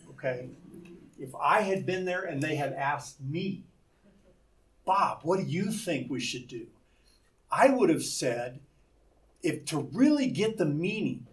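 A man's voice: fairly high pitch, far from the mic. A man teaching a Bible lesson, explaining words by asking rhetorical questions.

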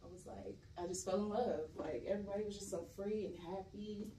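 Young actress guest, mellow and candid, roomy off-mic sound. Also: female voice, mid-range voice, brisk. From California. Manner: laid-back, candid, laughs often. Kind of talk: casual interview chat. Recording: roomy echo, voice a bit far from mic, faint noise.

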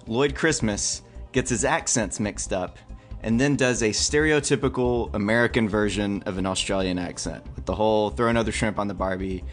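A man's voice: lowish voice, moderate pace, soft background music. A man co-hosting a film podcast, patiently laying out a quiz question in casual chat. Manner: careful quizmaster, explains setups patiently. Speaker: podcast co-host.

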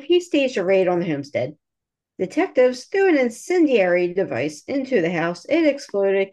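A woman's voice: medium pitch, darkish tone. A woman co-hosting a casual history podcast, reading from notes with wry asides. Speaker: podcast co-host.

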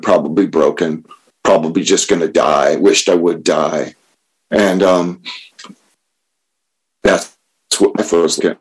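A man with a very low, husky voice tells his own story, candid and halting. He pauses often and pokes fun at himself, in the unpolished way of personal storytelling talk. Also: rough recording. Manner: candid, halting, self-deprecating. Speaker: speaker sharing recovery story.

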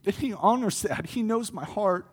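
A young adult man giving a sermon testimony, earnest and building to impassioned pleas with swings in loudness. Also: high-pitched, expressive, moderate pace, slightly rough. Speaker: preacher.

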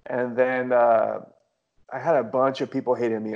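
Man, wry storyteller, mid pitch, muffled lo-fi sound. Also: flat delivery, moderate pace, gravelly, darkish tone. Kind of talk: casual conversation. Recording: dull lo-fi audio.

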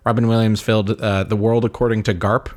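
A young man telling stories on a podcast in a loose, rambling way. His voice sits a little low, and "like" keeps slipping into his sentences. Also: level tone, a little fast. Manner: rambling storyteller, many "like" fillers. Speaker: podcast co-host. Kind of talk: casual chat.

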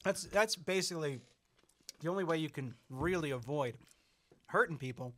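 A young man co-hosting a casual comedy podcast, playing along in a deadpan, mock-serious way. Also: fairly high pitch, moderate pace.

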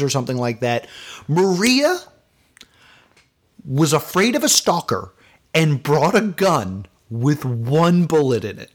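A man hosts a casual podcast film review, alone at the mic. His voice swoops widely up and down as he rambles and vents, leaning on fillers throughout. He sounds exasperated rather than calm. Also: fairly high pitch, a little slow. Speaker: podcast host.

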